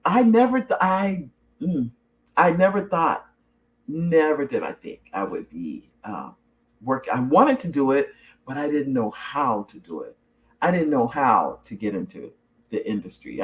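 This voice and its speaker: Middle-aged woman, talk show host, lively up-and-down delivery, chatty storyteller who laughs easily. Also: extremely low pitch. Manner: animated storyteller, laughs often, restarts sentences. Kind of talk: casual chat reading viewer comments.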